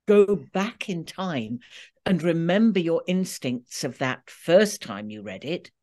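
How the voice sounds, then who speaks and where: A woman's voice: lowish voice, a little mellow. A woman who is an audiobook narrator and coach, talking expressively in an interview and acting out example line readings. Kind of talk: interview conversation.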